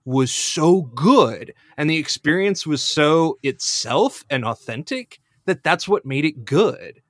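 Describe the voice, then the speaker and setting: Playful podcast co-host, lively pitch. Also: takes it slowly, no echo, studio quality. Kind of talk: casual episode recap chat.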